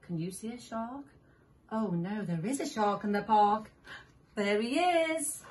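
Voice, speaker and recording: A woman reading picture books aloud to young children, animated, making animal sounds and asking the listener questions. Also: medium pitch, moderate pace. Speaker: children's story reader.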